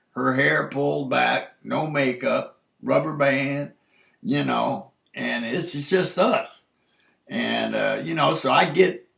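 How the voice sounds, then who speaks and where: A man telling a personal story in a rambling, halting way, full of restarts, his voice rising sharply when he is incredulous. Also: vocal fry, fairly bright tone. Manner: rises sharply in pitch for incredulous asides. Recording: echoey room.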